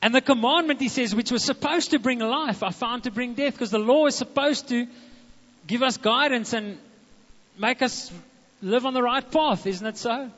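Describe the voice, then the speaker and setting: A man, a pastor preaching a sermon in a church, animated and speaking straight to the congregation. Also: extremely high pitch, normal speed. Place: church hall. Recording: dull muffled echoing hall recording.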